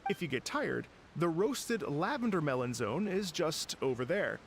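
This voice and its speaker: Courteous festival organizer. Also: male voice, on the high side, big pitch swings, a little slow, creaky, noisy background, heavily acted. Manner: courteous, slightly hesitant. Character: polite adult male event organizer. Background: game music.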